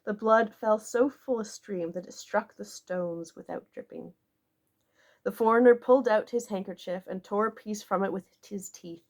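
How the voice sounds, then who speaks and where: This is a woman reading a classic novel aloud as an audiobook. Her delivery is measured and expressive, and she shapes each sentence with care. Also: medium pitch. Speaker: audiobook narrator.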